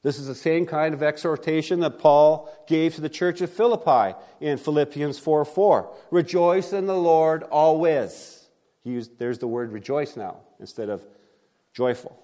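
A man preaching a sermon at a church service. He builds points with emphatic stresses and rhetorical questions, rising loud and dropping to quiet asides. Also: a little high, normal speed. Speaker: pastor.

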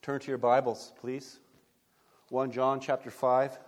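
A man's voice: medium pitch, unhurried, long reverb tail. A man preaching a sermon, telling a story earnestly and reading scripture aloud. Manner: earnest, steady storytelling with small restarts. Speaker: pastor.

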